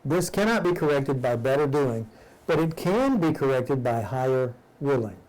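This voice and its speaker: A man's voice: mid-range voice, big pitch swings, normal speed, a little mellow, low-quality recording. A man leading a live-streamed study group who reads a spiritual text aloud, stumbles and rereads lines, then explains each passage in plain words.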